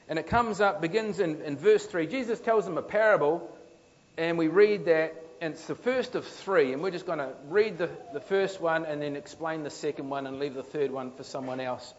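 Brief: playful, high-voiced Australian preacher in a long-echo hall, muffled lo-fi sound. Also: male voice, a little hiss or hum. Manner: animated, playful, acts out quotes, asks the crowd for amens. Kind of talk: sermon. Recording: dull lo-fi sound in a reverberant hall.

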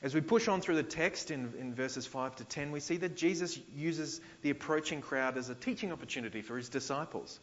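A man's voice: fairly high pitch, a little fast, hardly any pauses, muffled recording. A man with an Australian accent preaching a sermon as pastor, conversational, retelling scripture in everyday slang.

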